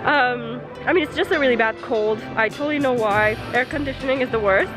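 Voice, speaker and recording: A woman's voice: a little high, fairly quick, over music, low-quality recording. A young woman vlogging casually to a handheld camera, chatty and full of fillers, sick with a heavy cold. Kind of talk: casual vlog talk to camera.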